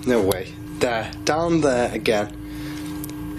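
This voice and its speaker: A man's voice: lowish voice, unhurried, music in the background. A man on a ghost hunt, uneasy about the place and pleading with a spirit to show itself. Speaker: paranormal investigator. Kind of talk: ghost-hunting calls to spirits. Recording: noisy location recording.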